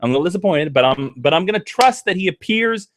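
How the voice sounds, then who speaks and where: Animated man hosting a live stream. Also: high-pitched, quick pace, a little hiss or hum. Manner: enthusiastic, animated. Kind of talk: casual chat.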